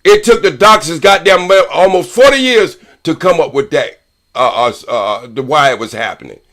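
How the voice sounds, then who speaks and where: An older man, a guest on a live-stream panel, argues in a heated debate, rambling, swearing and combative. His voice is a little high and fairly bright, animated, at a normal speed.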